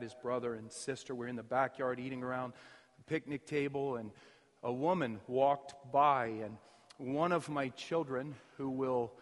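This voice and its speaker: A man preaching a sermon as pastor, his emphasis surging loud and then dropping to near quiet. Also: mid-range voice. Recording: reverberant hall.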